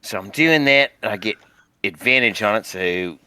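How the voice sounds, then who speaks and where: A man's voice: on the low side, animated, moderate pace, bright, forceful tone. A man playing a tabletop game with friends, joking and brash. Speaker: player. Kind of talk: casual tabletop play.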